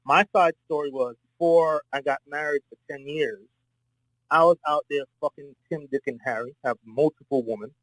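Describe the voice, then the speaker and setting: A man's voice: a little high, moderate pace, fairly bright tone, no room sound, low-quality recording. A man from Florida calling into a debate and telling a long, profane personal story in a rambling way. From Florida, United States. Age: adult, married. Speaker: debate caller. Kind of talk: casual spoken debate.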